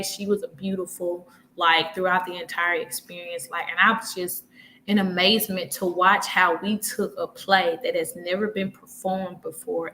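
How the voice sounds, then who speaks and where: With a lowish voice, this talk show guest, a woman in her twenties, keeps things casual while telling stories animatedly, playing out people's quotes and laughing a lot. There's slight background noise, and the recording is rough.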